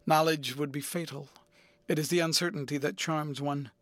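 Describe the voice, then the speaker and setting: A man's voice: on the high side, steady tone, normal speed, a bit bright, dry recording, lightly acted. A man reading a cynical, amused English lord. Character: cynical witty English gentleman, middle-aged lord. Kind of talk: audiobook character reading.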